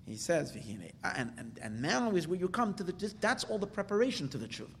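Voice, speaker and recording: A man teaching a Hasidic text class, emphatic, with sudden high bursts and soft asides. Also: sing-song, a little fast, vocal fry. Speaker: Torah teacher. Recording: echoey hall with faint rumble.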